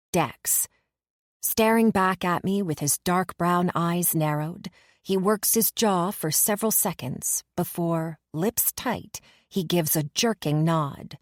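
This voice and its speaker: Audiobook narrator: woman, lower register, measured first-person reading, dry booth. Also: dry recording.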